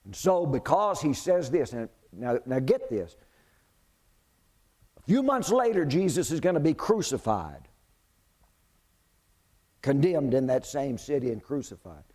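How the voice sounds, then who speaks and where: Slow, lively-voiced male preacher. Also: medium pitch. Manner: animated storyteller who questions the congregation. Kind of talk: sermon, Bible storytelling.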